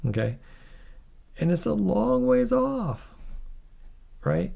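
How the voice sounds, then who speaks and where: A man's voice: medium pitch, expressive, takes it slowly, vocal fry, pauses often, dark tone, slightly rough. A tired man hosting a tech video, talking casually and skeptically through financial figures, blunt and rambling, yawning as he goes.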